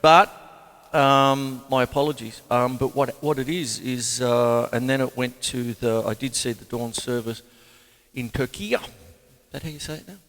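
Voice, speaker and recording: A drum teacher and show host leads a casual drum lesson in a medium-pitched, fairly even, slightly bright voice at normal speed. He chats in a rambling, self-deprecating way, and the recording has long hall reverb with faint drums.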